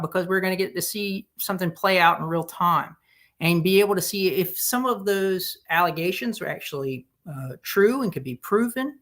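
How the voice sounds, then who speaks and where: A man from the Southern United States speaks with a Southern accent as a podcast guest. He is easygoing and often pauses to find his words. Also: high voice, bright, forceful tone. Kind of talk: casual interview answers.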